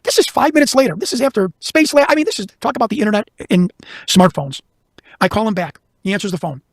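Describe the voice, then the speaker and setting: A man from Chicago, a guest investigator, telling a long story in casual conversation, talking quickly with lots of restarts. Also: sits high, no echo, studio quality. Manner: fast, animated, talks over himself with restarts.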